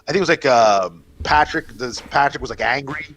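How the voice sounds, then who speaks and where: A man co-hosting a comedy podcast, chatting casually, animated, laughing often and tripping over his words. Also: mid-range voice, brisk. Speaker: podcast co-host.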